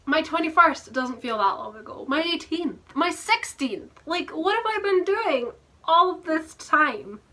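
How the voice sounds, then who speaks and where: A woman in her twenties with a soft southwest Scottish accent, chatting to camera in a bubbly, rambling and self-mocking way with frequent laughs. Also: on the high side. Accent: southwest Scottish, softened. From Scotland. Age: 20s. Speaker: book vlogger. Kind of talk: casual chat to camera.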